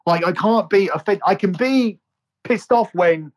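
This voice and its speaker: A man's voice: high-pitched, unhurried, low-quality recording. A man co-hosting a podcast in casual chat, rambling and restarting his sentences in a start-stop way. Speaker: podcast co-host.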